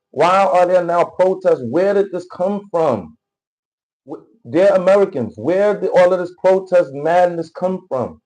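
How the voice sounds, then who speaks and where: A man's voice: high voice, a little mellow, low-quality recording. A man commenting casually on politics during a livestream, reading chat and rambling with many repeated phrases. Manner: rambling, repetitive, keeps asking "you know what I'm saying".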